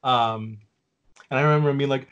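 A man's voice: medium pitch, measured pace, a bit bright, dull audio. A man in his forties on a casual podcast, telling a story with lots of fillers and restarts. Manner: rambling, with many fillers and restarts.

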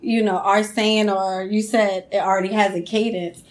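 A woman's voice: mid-range voice, little pitch movement. A woman co-hosting a podcast, chatting casually with a friend and laughing often. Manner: chatty, laughing, drawn-out phrasing. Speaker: podcast co-host. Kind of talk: casual chat.

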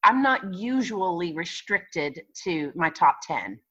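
A woman's voice: on the low side, sing-song, slow pace, a bit bright, husky, muffled recording. A woman who owns a talent agency, speaking frankly in an interview and often restarting her sentences. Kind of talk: conversational interview.

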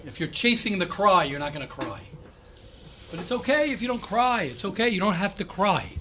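A man, a rabbi, giving an informal lecture to yeshiva students, animated and repetitive, often restarting his sentences. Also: high-pitched, fairly quick, slight background noise. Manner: animated, repeats himself, self-correcting.

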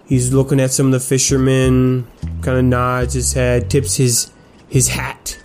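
A man narrating a tabletop game as game master, easygoing and laughing often. His voice is mellow and relaxed, at a middle pitch. Faint music plays behind him. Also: measured pace, creaky.

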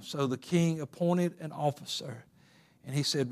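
Fervent male preacher, higher voice. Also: unhurried. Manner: builds from quiet talk to loud fervent preaching. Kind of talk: sermon.

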